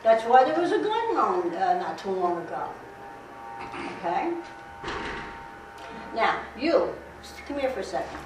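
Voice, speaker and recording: A woman's voice: a little high, very animated, unhurried, pauses often. A middle-aged woman giving a blunt, streetwise safety talk to a class, repeating herself as she demonstrates. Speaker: guest speaker on safety. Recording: echoey room recorded from far, noisy.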